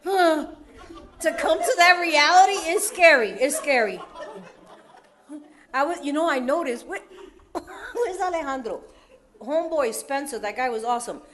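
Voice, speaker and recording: A woman's voice: sits high, lively intonation, a little slow, pauses often, a bit bright, some chatter behind, slight background noise. A woman from California sharing her recovery story at a meeting, in streetwise slang, joking and laughing often.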